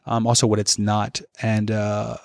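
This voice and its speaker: A man's voice: lowish voice, completely flat delivery, unhurried, vocal fry, dry recording, clean studio sound. A young man co-hosting a faith podcast, speaking in a candid, reflective and loosely rambling way about his own life. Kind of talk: casual faith discussion.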